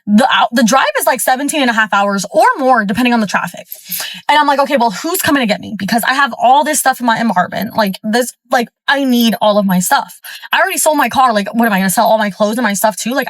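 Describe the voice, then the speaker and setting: A woman's voice: a little high, fast, dry recording. A woman from Florida, recorded at a gym, telling a story in a casual, fired-up way with lots of fillers. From Florida, USA. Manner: chatty, filler-heavy, fired-up retelling. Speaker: storyteller vlogger.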